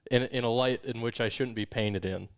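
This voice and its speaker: A man co-hosting a casual podcast chat, teasing in a wry, deadpan way. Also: mid-range voice, moderate pace, clear, resonant tone, dry recording, clean studio sound.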